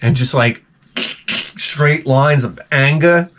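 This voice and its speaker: A man's voice: on the high side, takes it slowly, a bit bright. A man hosting his own video channel, delivering a crude, profane, rambling comedic rant to camera. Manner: jokey, exaggerated. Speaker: YouTube host.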